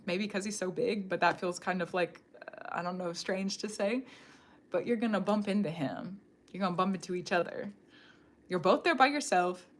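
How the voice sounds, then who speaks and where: A woman's voice: lowish voice, normal speed, slight background noise. Rambling woman giving a live psychic reading. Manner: rambling, animated, addresses viewer directly. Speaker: tarot reader. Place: home room.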